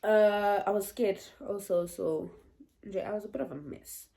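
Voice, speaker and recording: A woman in her twenties telling a personal story to her viewers in a chatty, animated way. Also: medium pitch, moderate pace, vocal fry. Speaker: vlogger. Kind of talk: story time vlog.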